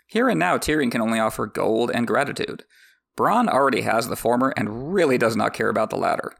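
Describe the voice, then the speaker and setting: A man's voice: mid-range voice, lively intonation, fairly quick, creaky, fairly bright tone. A man hosting a podcast, reading a book aloud with wry, joking asides. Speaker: podcast host. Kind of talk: reading a book with comedic commentary.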